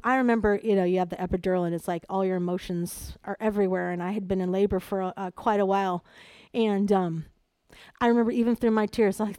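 A middle-aged woman preaching a sermon, animated, moving between hushed personal storytelling and loud, emphatic exhortation. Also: medium pitch, fast, clear, resonant tone, no room sound.

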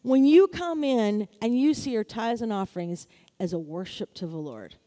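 A middle-aged woman preaching to her congregation, her voice sitting high. She talks in a lively, exclaiming way and keeps calling out for amens. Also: moderate pace. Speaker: pastor. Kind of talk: sermon.

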